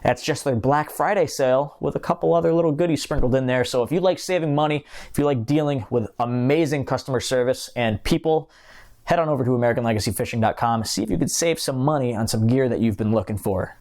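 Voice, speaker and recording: A man's voice: medium pitch, quick pace, a little mellow. A young man hosting a fishing channel, reviewing gear in a chatty, joking way and drifting onto tangents. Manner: chatty and joking, talks with his hands, goes off on tangents. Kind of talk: casual gear review to camera.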